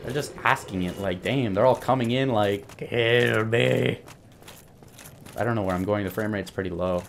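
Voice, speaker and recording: A man's voice: fairly low pitch, fairly even intonation, brisk, a little hiss or hum. A young man giving casual commentary while playing a game, rambling, joking and swearing at enemies. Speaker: gameplay commentator. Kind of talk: casual let's-play commentary.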